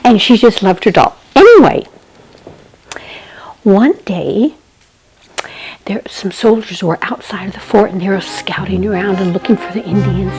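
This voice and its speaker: A woman telling a children's story slowly and expressively, often dropping into a hushed whisper and turning to the listener with asides. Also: medium pitch, poor audio. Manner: slow, gentle delivery with asides to the listener.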